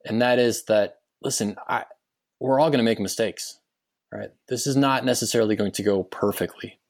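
Middle-aged man, podcast guest, earnest and emotional storytelling, repeats himself, medium pitch. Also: moderate pace.

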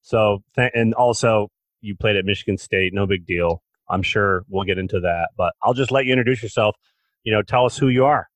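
A man's voice: on the low side, brisk, no room sound. A man hosting a podcast, chatting in a playful, joking way with many restarts. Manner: playful, jokey, lots of restarts. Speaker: podcast host. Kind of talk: casual interview chat.

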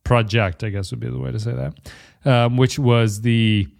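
A man's voice: mid-range voice, fairly even intonation, moderate pace, gravelly. A man hosting a podcast, chatting casually and rambling, often correcting himself mid-sentence. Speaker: podcast host.

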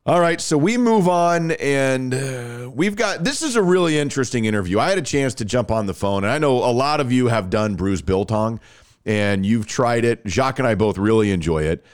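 Male podcast host, casual and animated, easygoing delivery. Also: mid-range voice, normal speed, clean tone. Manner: laid-back, uses fillers like "like" and "man". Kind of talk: casual interview with ad read.

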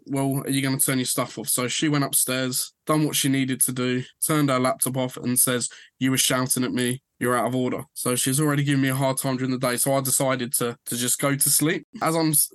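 A man's voice: mid-range voice, no echo. A man telling his own story as a podcast guest, full of reported dialogue. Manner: recounts events with lots of reported dialogue. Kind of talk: conversational storytelling.

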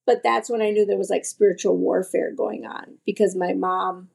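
A woman guest telling a personal story on a podcast in a lively, animated way, with frequent "like" fillers and voices for the people she quotes. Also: medium pitch, moderate pace, creaky, breathy edge.

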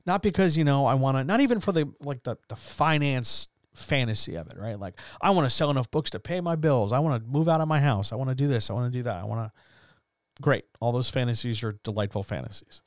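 A man hosting a writers chat, talking earnestly and at length, swearing now and then and repeating phrases, with his voice rising loud and dropping low. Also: expressive, quick pace, no echo, studio quality. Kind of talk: impassioned motivational monologue.

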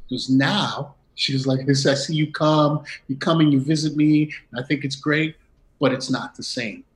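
Animated middle-aged man telling a story. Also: fairly high pitch, moderate pace, rough recording. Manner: animated, acts out quoted dialogue with laughs. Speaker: interview guest. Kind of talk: personal storytelling in conversation.

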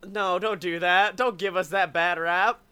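A man's voice: sits high, steady tone, a little slow, pushed and bright, clear, resonant tone. A man from Alabama, hosting a comedy podcast, joking, laughing often and swearing freely. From Alabama, USA. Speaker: podcast host. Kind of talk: casual comedic chat.

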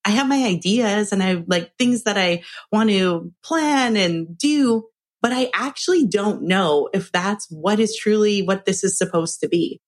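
A woman hosting a podcast, chatting in a quick, enthusiastic and encouraging way. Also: mid-range voice. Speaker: podcast host. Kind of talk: casual chat.

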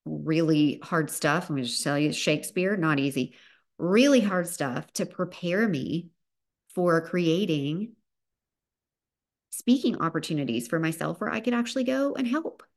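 A woman's voice: on the low side, animated, unhurried. Upbeat Southern woman giving a pep talk. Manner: upbeat, emphatic, pep-talk delivery with rising bursts. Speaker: podcast host. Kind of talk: motivational podcast monologue.

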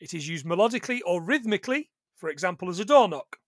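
A man hosting a casual podcast chat, joking, swearing and putting on quick voices for the characters he retells. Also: sits high, expressive, no room sound. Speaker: podcast host.

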